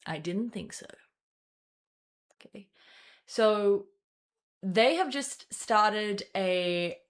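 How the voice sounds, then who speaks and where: A woman's voice: medium pitch, very slow. A woman hosting a casual livestream news commentary, chatty and jokey, talking to her chat.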